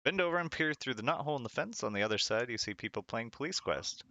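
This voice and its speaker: A man's voice: medium pitch, lively intonation, quick pace, bright, forceful tone, no echo, muffled recording. A man streaming a retro game, reading its text aloud with wry asides and frequent laughter. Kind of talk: casual game commentary.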